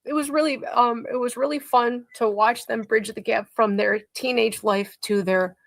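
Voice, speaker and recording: A woman's voice: a little high, fairly even intonation, measured pace, gravelly, a bit bright, no echo. A middle-aged woman, a mother being interviewed on a casual livestream over a video call, rambling with many filler words. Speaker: mother of a teenager, interview guest.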